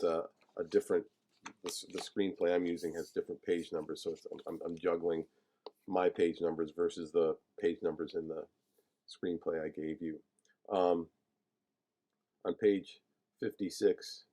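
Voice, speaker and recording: A man teaching a class on a film screenplay, talking haltingly with many fillers and restarts as he searches for page numbers. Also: low voice, steady tone, mellow. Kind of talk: lecture discussing a film screenplay.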